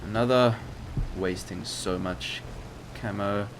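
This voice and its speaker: Against background game noise, a young man talks slowly in a fairly low voice with fairly even intonation. He hosts a gaming channel, and his commentary on the flight game footage is hesitant, rambling and full of fillers.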